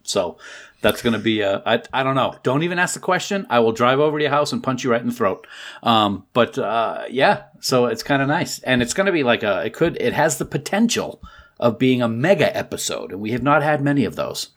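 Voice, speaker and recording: A man co-hosting a podcast in casual chat, self-deprecating and quick to laugh. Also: mid-range voice, animated, a bit bright. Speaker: podcast co-host.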